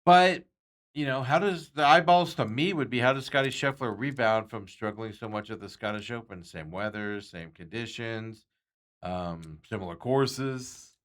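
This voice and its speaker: A man's voice: medium pitch, moderate pace, fairly bright tone. A man hosting a sports talk show, chatting casually and rambling with frequent chuckles.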